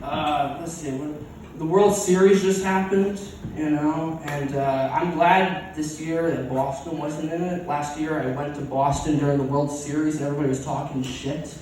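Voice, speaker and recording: A man's voice: a little high, steady tone, normal speed, a little mellow, slight background noise. A man doing a crude, sarcastic stand-up set at an open mic, rambling with fillers and restarts. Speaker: stand-up comic. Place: open mic comedy venue. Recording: echoey room miked from a distance.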